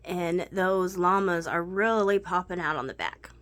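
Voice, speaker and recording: A woman with a fairly low, slightly bright voice and a measured pace gives a casual show-and-tell of her week's quilting and sewing. As a crafting vlogger, she explains every piece step by step.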